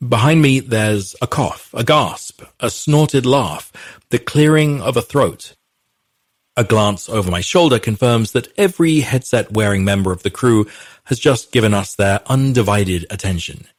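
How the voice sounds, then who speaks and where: A man narrates a romance audiobook in the first person, measured and intimate. His voice sits very low and has a husky grain. The recording is dry and close, with no room sound. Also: dry recording.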